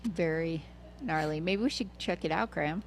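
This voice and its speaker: A woman's voice: low-pitched, moderate pace, slight background noise. A woman commentating live on a mountain ultramarathon livestream, chatty and playful, sometimes correcting herself.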